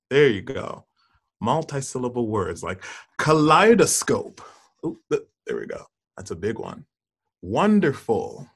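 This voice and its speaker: A man's voice: medium pitch, slightly rough. A man reading a children's picture book aloud, stopping to ask questions, point out the pictures and savour single words. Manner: warm, encouraging, asks listeners questions and points at pictures; lingers playfully on single words. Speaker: storybook reader for children.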